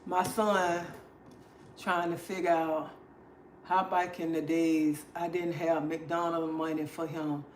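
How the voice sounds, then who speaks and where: An older woman, chatting casually on a livestream and telling animated stories with quoted dialogue. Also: low voice, slow pace, roomy sound, slight background noise. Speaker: livestream host. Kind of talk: casual chat.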